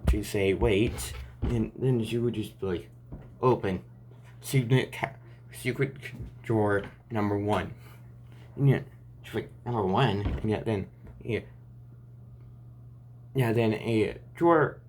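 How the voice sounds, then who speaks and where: Rambling low-voiced man telling a story. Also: measured pace, pauses often, a little mellow, slight background noise. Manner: rambling, restarting often with "and yeah". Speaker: fan fiction storyteller. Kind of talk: improvised story narration.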